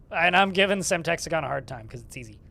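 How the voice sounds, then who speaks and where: A man's voice: on the high side, lively intonation, a little fast, vocal fry, pushed and bright. A young man streaming a game live, chatting casually and sarcastically with his viewers and swearing freely.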